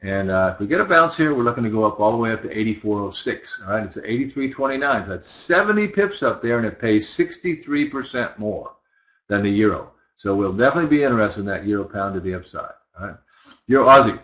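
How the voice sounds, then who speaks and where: Quick and expressive, this trading instructor has a lowish, fairly bright voice on a rough recording. He chats casually through his currency charts in a live walkthrough, working as he talks and often checking in with listeners rhetorically.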